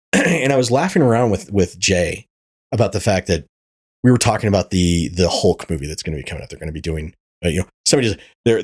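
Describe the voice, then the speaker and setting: A man's voice: sits low, a little mellow, slightly rough. A man hosting a podcast, ranting in casual chat, swearing freely and stumbling over repeated words. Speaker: podcast host.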